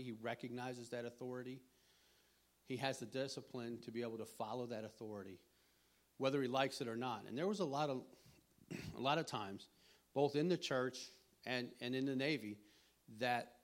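A middle-aged man giving an informal sermon, rambling and conversational, with frequent restarts and throat clearing. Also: mid-range voice. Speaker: preacher.

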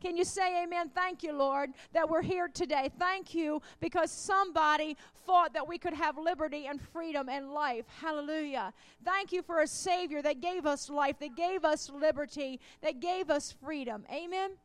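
Woman preacher, high voice, fired up, keeps asking the church to say amen. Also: normal speed, few pauses, no echo. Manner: call-and-response, rising fervor. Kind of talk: sermon.

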